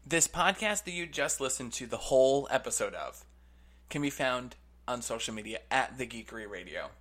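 A man's voice: mid-range voice, lively intonation, a bit bright. A man co-hosting a comic shop podcast, bantering in a joking, playful way. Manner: joking, playful, quick back-and-forth. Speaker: podcast co-host.

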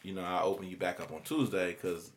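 A man telling a story in casual chat, slangy and animated, jumping his voice up to act out quoted people. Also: low voice, a little fast, slight background noise.

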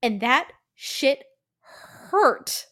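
A woman co-hosting a casual podcast, her voice pitched a little high. She talks emphatically and swears freely, slipping into quick impressions of the characters she describes. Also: very animated, a bit bright. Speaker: podcast co-host. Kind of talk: casual chat.

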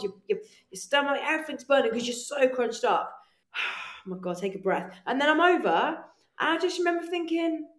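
Lively woman guest, kinda high voice, swears a lot telling her story, roomy echo. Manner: animated, swears freely, acts out her own past voice. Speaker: podcast guest. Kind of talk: casual storytelling chat. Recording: echoey room.

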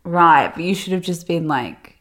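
Young woman co-host, lowish voice. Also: normal speed, fairly bright tone. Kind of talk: casual chat.

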